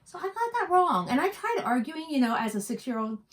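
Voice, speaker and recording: A woman's voice: high voice, big pitch swings, brisk. A middle-aged woman from West Virginia co-hosting a cross-stitch vlog, chatting and telling rambling stories. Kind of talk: casual chat.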